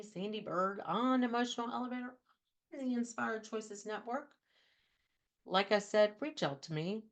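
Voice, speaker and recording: A woman hosting her own talk show as a trauma coach, giving advice in an earnest, conversational way and repeating phrases for emphasis. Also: medium pitch.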